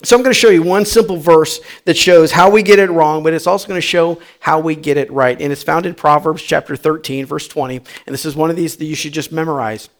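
A man preaching a sermon, telling funny stories from his school days and then pressing his point with animated, rising emphasis. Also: on the high side, brisk, few pauses. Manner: animated storytelling with humor. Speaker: pastor.

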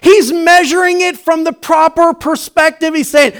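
A man preaching a sermon, swinging from shouting to hushed tones. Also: very high-pitched, steady tone, moderate pace. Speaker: pastor.

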